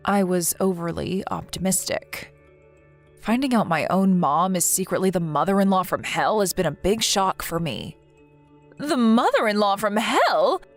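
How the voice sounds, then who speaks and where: A woman's voice: lowish voice, normal speed, soft background music. Earnest woman in a text story. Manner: earnest, indignant and protective.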